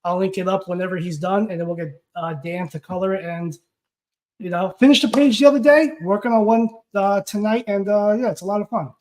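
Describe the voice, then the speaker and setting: A man co-hosting a live stream, talking in an excited, rambling way full of fillers. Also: sits high, brisk. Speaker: co-host. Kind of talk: casual chat.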